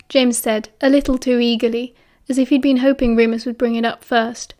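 A woman with a British accent reading an audiobook in an even, measured way. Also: a little high. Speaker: audiobook narrator. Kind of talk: audiobook narration.

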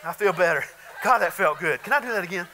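Bright high-voiced male pastor preaching. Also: expressive, fast, slight background noise, rough recording. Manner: conversational preaching with bursts of shouting and laughter. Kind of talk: sermon.

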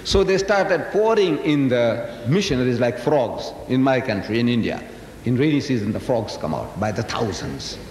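A man in his sixties from South Africa with a South African accent, giving a lecture to a live audience in a booming, carrying voice, teasing the crowd and firing questions at them. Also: animated, moderate pace, darkish tone. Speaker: public speaker. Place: large hall. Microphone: PA microphone. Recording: echoey hall, faint background noise.

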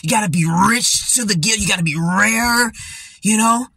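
A man's voice: high-pitched, normal speed, sharp tone, breathy edge, no room sound. A man giving casual commentary, rambling and laughing, full of "you know" fillers. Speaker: commentary vlogger.

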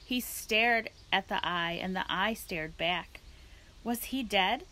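A woman librarian reading a children's book aloud in a gentle, steady storytime style. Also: mid-range voice, slow pace.

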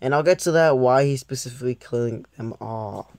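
A man's voice: mid-range voice, fairly quick, vocal fry, a little mellow, no echo. A young man giving a casual, rambling episode review who often loses his train of thought and laughs at himself. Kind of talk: casual video commentary.

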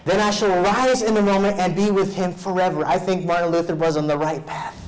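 A man with a fairly high voice preaches at a live evening worship service, reading scripture aloud and pausing for the congregation to supply words. He rises louder and higher as he drives a point home, then drops soft and low to tell personal stories. A faint hiss sits under his voice. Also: steady tone. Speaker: pastor. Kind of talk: sermon.

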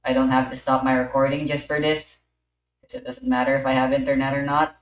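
A man's voice: mid-range voice, fairly quick, dull audio. Young-ish guy muttering thru his game session, sits back from the mic, room echo all over it. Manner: relaxed, mumbling commentary to himself and a friend. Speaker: gamer recording a playthrough. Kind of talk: casual gameplay chat. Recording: roomy, distant from the mic.

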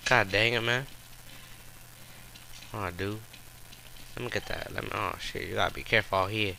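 A man's voice: lowish voice, fairly even intonation, normal speed, vocal fry, pauses often, noisy background. A man giving live gameplay commentary, frustrated and trash-talking with profane outbursts.

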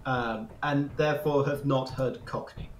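A man's voice: mid-range voice, fairly even intonation, a little slow, a little hiss or hum. A British man joining a multiplayer game, chatting with dry, wry humour. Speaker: co-player. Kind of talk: casual gaming chat. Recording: roomy echoey mic.

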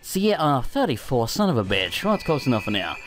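A man giving excited gaming commentary, swearing and bursting out in panic as he plays. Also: medium pitch, fairly quick, slight background noise. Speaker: let's play host.

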